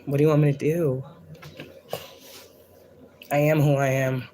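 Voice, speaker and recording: A woman's voice: deep voice, level tone, measured pace, dark tone, slight background noise. A woman hosting a casual spiritual livestream, talking in a blunt, profane, preachy and defiant way, often repeating lines for emphasis. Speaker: spiritual reader and livestream host.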